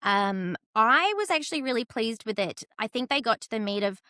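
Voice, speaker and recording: A woman's voice: on the high side, expressive, normal speed, bright, forceful tone, no room sound, clean studio sound. A woman hosting a podcast, steering the casual chat with thoughtful, chatty commentary. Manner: chatty, thoughtful, leads the talk. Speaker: podcast host.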